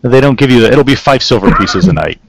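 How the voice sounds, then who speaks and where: A man running a tabletop game as game master, narrating in a relaxed, rambling way. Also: medium pitch, fast talker, poor audio.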